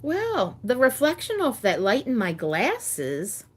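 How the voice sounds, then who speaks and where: A middle-aged woman hosting a casual live chat with her viewers, talking in a halting way and repeating words as she gets emotional. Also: mid-range voice, huge pitch swings, a little hiss or hum. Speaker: livestream host.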